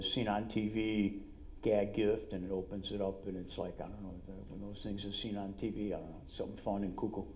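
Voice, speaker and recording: A middle-aged man with a New York twang pitches business ideas to a conference crowd with punchy, salesy energy and quick asides. His voice sits fairly low and has a mellow, dark tone. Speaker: dentist and business speaker. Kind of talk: live seminar talk. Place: conference room.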